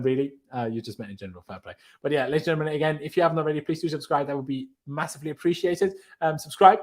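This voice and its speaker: A fairly high-voiced man, hosting a football fan livestream. He rambles in easygoing chat, laughs often and pads his talk with fillers. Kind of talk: casual chat.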